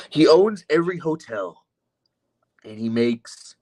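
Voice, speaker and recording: A man streaming live, reading chat comments aloud and answering them with sardonic, profane mockery. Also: fairly low pitch. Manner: sardonic, mocking, profane asides.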